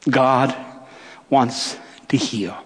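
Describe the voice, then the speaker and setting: A middle-aged male pastor preaching a sermon, with dramatic pauses and rhetorical questions. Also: medium pitch, breathy edge. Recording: long church reverb.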